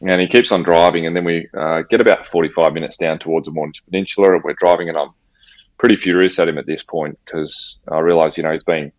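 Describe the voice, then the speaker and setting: A man's voice: sits low, quick pace, dry recording. An Australian man telling a personal story in casual conversation, with slang and acted-out dialogue. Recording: slightly dull, dry audio.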